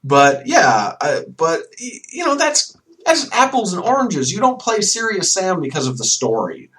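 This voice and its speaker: A man's voice: sits high, wildly swooping pitch, unhurried, fairly bright tone, distant mic. A man hosting a solo podcast, ranting animatedly with mocking asides. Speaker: podcast host. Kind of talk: solo rant about a video game.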